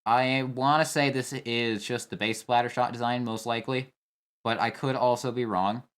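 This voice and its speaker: A man's voice: medium pitch, fairly even intonation, moderate pace, a bit bright, clean tone. A young man talking casually over a game trailer, thinking aloud with fillers and restarts. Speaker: competitive player reacting to a trailer. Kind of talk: casual video commentary.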